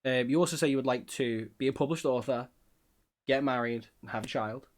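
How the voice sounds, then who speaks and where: A man hosting a podcast, interviewing a guest in an encouraging, enthusiastic way. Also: medium pitch. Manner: quick, encouraging, enthusiastic about the book. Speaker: podcast host.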